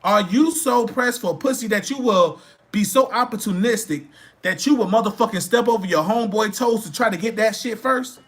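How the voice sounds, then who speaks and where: A man's voice: high voice, normal speed, a bit bright. A man hosting a livestream, lecturing his viewers in a blunt, profane way and repeating phrases for emphasis. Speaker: livestream host. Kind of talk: casual live-stream rant.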